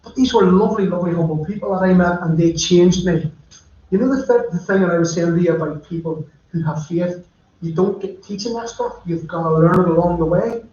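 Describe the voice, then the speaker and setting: A man preaching, his voice sitting a bit high for a man. He tells stories in a chatty, direct way. The sound is very echoey and muffled, like a church livestream. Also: a little fast, darkish tone. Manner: chatty storytelling, addressing listeners directly. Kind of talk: sermon.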